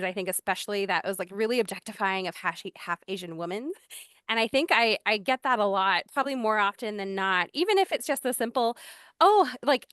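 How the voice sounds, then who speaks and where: A woman's voice: mid-range voice, a bit bright, clean tone, dry recording, clean studio sound. A woman in her thirties on a discussion panel, talking casually with many fillers. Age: 30s.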